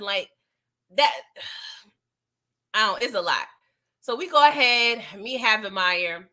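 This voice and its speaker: A woman hosting a casual TV recap, animated and laughing as she acts out the scenes. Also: on the high side. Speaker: TV recap host. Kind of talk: casual chat.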